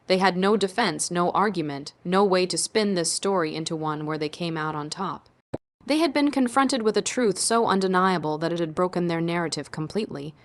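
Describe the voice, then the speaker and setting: A woman narrating a first-person family drama story in a measured, dramatic way. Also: lowish voice.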